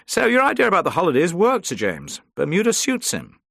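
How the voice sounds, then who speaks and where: Male narrator playing a jovial spy chief's aide, loud and insistent, dry close read. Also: high voice, wildly swooping pitch, fairly quick, gravelly, dry recording, voice pushed up, full character voice. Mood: cheerful. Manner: hearty, bellows when roused. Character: gruff British chief of staff, jovial and insistent.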